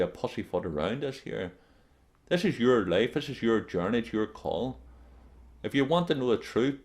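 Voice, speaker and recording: With a mid-range voice, a man presents a self-help video, giving motivational advice straight to the camera. He speaks bluntly and emphatically, repeats his main points, and calls his viewers "guys".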